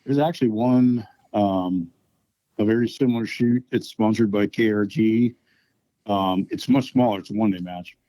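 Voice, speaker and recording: A match organizer speaks in a low, mellow voice, relaxed and unhurried, with frequent pauses to think. The recording is dry and close. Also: male voice, no room sound, lo-fi sound. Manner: relaxed, explaining at length with many ums. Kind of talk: casual podcast interview.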